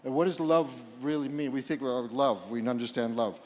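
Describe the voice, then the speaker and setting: A man giving a reflective public talk to a live audience, halting and repeating words, at times rising to loud bursts. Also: medium pitch, a little hiss or hum. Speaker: speaker at a book fair panel. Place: large hall before a live audience. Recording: long hall reverb.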